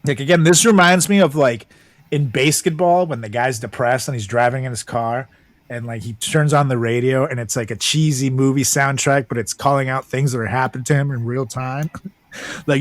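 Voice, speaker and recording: A man's voice: mid-range voice, no room sound. A man co-hosting a podcast, riffing in casual chat, laughing often and swearing freely. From Latin American background. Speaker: podcast co-host.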